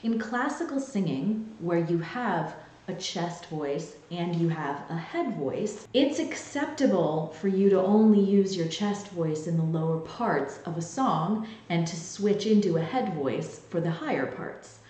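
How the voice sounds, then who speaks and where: A woman vocal coach gives a singing lesson straight to her viewers, her voice sitting a little low for a woman. She explains each point clearly and patiently. The room around her rings with a strong echo. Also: expressive, a little slow, warm tone. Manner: clear, explanatory, with sung demonstrations. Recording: very echoey room.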